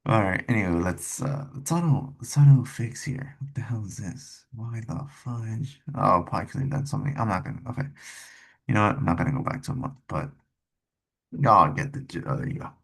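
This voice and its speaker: A young man giving casual, rambling commentary on stock charts, cussing and tossing in quick asides. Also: on the low side, animated, creaky, fairly bright tone, breathy edge. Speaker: stock trading streamer.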